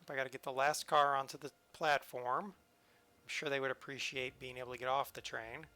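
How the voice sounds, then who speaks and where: Bright-voiced man joking through a train game. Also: medium pitch, flat delivery, moderate pace. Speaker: streamer. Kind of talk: live-stream gameplay commentary.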